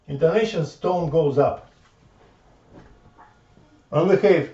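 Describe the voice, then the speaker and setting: A man giving an informal math lecture, halting and repeating words as he thinks aloud at the board. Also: fairly high pitch, big pitch swings, dark tone. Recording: echoey room from far off, dull lo-fi sound.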